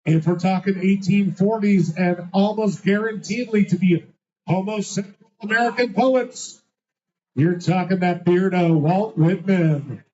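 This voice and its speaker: A man's voice: sits high, measured pace, warm tone. A man hosting a live trivia night, reading out answers with a teasing, sarcastic manner. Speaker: trivia host. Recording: dull lo-fi sound.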